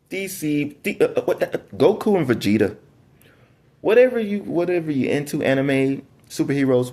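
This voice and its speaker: A man's voice: lowish voice, a little mellow, slightly rough. A man giving a casual Bible teaching, reading scripture aloud in an emphatic way with slangy asides and frequent stumbles over words. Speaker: preacher.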